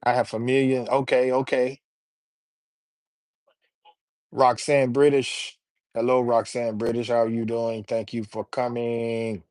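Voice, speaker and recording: A man hosting a casual livestream, reading viewer comments and giving shout-outs in a laid-back, slangy way. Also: medium pitch, level tone, moderate pace, dry recording, studio quality. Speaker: livestream host reading chat.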